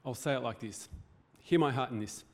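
A man's voice: medium pitch, brisk. A man preaching a sermon as pastor, in a conversational, joking way with rhetorical questions. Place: church hall.

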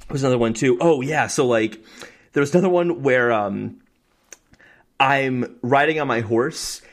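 A young man co-hosting a podcast, telling stories in an excited, fast, casual way with many fillers and acted-out quotes. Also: mid-range voice. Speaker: podcast co-host. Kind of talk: casual chat.

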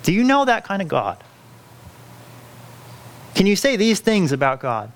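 A male pastor delivering a sermon in an earnest, pleading way. His voice sits a little high for a man and swings widely in pitch. He often restarts his phrases mid-thought. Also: wildly swooping pitch, takes it slowly, pauses often. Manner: earnest, pleading, self-correcting with frequent restarts.

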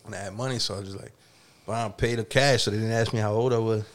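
A man's voice: fairly low pitch, quick pace. A man who grew up in Germany, telling stories in casual podcast chat, swearing freely in street slang and acting out what other people said. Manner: profane street slang, animated, acts out other people's lines.

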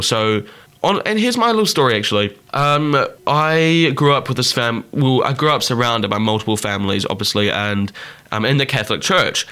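A man hosting a solo podcast, talking earnestly and passionately and climbing higher in pitch when he gets worked up. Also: bright, forceful tone. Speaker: podcast host.

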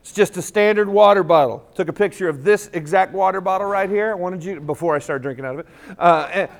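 A man with a high-pitched voice gives an animated talk in a school assembly hall. He tells stories, acts out the dialogue, and gets the crowd to chant lines back to him. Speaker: motivational school speaker. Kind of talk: storytelling speech with call-and-response.

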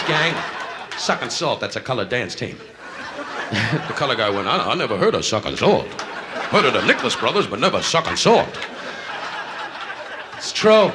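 A man doing live insult comedy, brashly heckling people in the audience. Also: mid-range voice. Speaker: stand-up comedian. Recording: noisy 1960s live club recording. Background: audience laughter.

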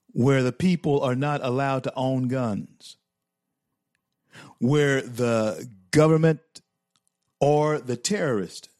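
A man's voice: medium pitch, darkish tone, no room sound, studio quality. A male talk show host giving fervent political commentary, preaching and repeating phrases for emphasis.

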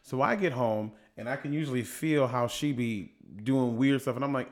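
A man's voice: mid-range voice, normal speed. A man co-hosting a podcast, telling his side of a story casually with playful, teasing asides into a podcast mic. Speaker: podcast co-host. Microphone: podcast microphone.

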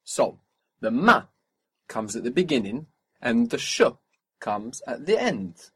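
A man's voice: mid-range voice, very animated, slow, slightly rough. A man teaching a spoken language lesson, patiently asking for phrases, repeating each answer back and explaining pronunciation.

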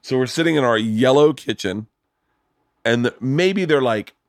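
Animated, profane middle-aged male podcast host. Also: medium pitch, a little slow, no room sound, clean studio sound. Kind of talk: casual chat.

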